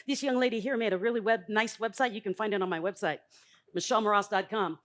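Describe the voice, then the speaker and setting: On a conference stage, a middle-aged woman delivers a live motivational talk, blunt and emphatic. She swings from loud bursts to quiet asides, speaking quickly in a mid-range voice.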